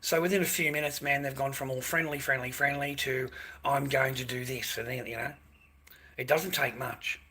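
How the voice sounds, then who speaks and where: A man's voice: mid-range voice, fairly even intonation, brisk, pushed and bright. An Australian man on a livestream, delivering a crude, rambling rant full of swearing and repeated phrases.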